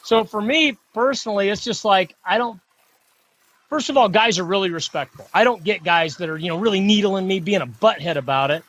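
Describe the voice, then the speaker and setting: A man's voice: high voice, fairly quick, fairly bright tone, lo-fi sound. A middle-aged man talking casually on a podcast as a guest, rambling and repeating himself. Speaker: mule deer hunting guest.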